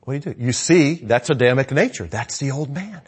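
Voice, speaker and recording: A male pastor with a husky, mid-pitched voice delivers a sermon in a casual, talking style. He swings from loud, raised lines to hushed ones and keeps asking the congregation questions and calling for amen. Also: animated, fairly quick. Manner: conversational preaching with sudden swings between loud and hushed.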